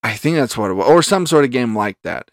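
A man with a mid-pitched voice that rises and falls a lot, chatting on a podcast. He throws in short agreeing replies and tells his own story haltingly. The sound is dry and close to the mic. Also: lively intonation, no room sound. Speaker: podcast co-host. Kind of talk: casual chat.

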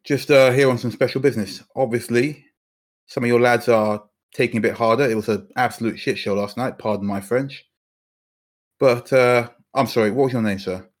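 A man's voice: medium pitch, steady tone, normal speed, close to an everyday voice. Man playing a tired, placating sergeant.

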